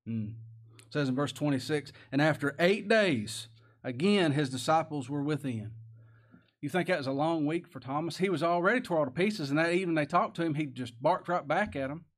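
A man preaching a sermon, folksy and plain-spoken, asking the congregation rhetorical questions and reading scripture aloud. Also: mid-range voice. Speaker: pastor.

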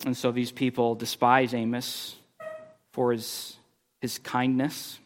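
A middle-aged man preaching a sermon, telling a story with animated, exasperated bursts. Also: slow. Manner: animated storytelling, rising pitch when exasperated. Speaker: pastor.

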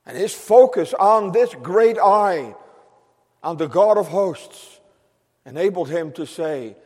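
A man's voice: high voice, expressive, slow, darkish tone. A man preaching a sermon as pastor, fervent and exclamatory, in a church sanctuary. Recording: long reverb of a large church.

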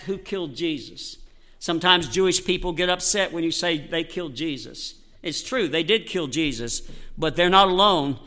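A man's voice: high-pitched, sharp tone. A man preaching a sermon, emphatic and repetitive, quoting scripture verse by verse. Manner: emphatic, quotes scripture, repeats phrases.

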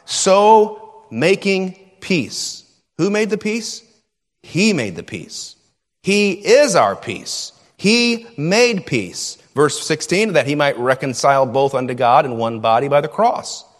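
A middle-aged man preaches in a church sanctuary, his voice swinging widely up and down and sitting a little high for a man. He drives his points home by repeating short phrases, and a long hall reverb trails after him. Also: slow. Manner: animated preaching, repeats key phrases for emphasis. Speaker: pastor. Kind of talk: sermon.

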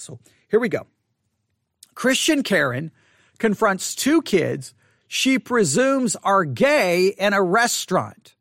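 A man's voice: high voice, dry recording, studio quality. A man giving casual spoken commentary as a Christian commentator, rambling with frequent restarts and self-corrections.

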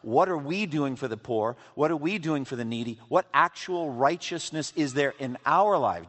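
A man preaching a sermon at a middle pitch, his voice carried through a large hall with a long echo. He reads scripture aloud with emphasis and presses his listeners with questions. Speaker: pastor. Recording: reverberant hall, voice from a distance.

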